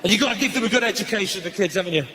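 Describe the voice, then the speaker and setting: Northern english comic on stage, loud punchlines, bit of background noise from the live room. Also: male voice, high-pitched, racing, a faint crowd. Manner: animated, shouting punchlines, acting out voices. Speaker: stand-up comedian. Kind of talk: live stand-up comedy. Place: theatre stage with audience. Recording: live theatre recording with faint room noise.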